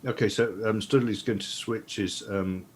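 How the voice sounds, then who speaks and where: A man's voice: lowish voice, steady tone, moderate pace, darkish tone, slight background noise. A man playing a tabletop game, asking questions and reasoning aloud about the rules. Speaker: player.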